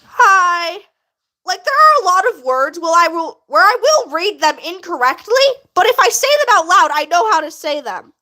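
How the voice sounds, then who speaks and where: A woman chatting casually on a livestream, animated and quick to laugh, with a laugh that sounds like crying. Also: extremely high pitch. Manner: animated, laughs a lot, bursts into shouting. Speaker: livestream host.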